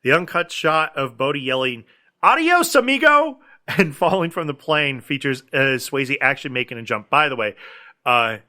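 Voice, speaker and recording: A man's voice: mid-range voice, fairly even intonation, normal speed, sharp tone. A man co-hosting a casual movie podcast, talking with enthusiasm and many fillers while reading out trivia. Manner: enthusiastic, filler-heavy, reads trivia aloud. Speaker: podcast co-host.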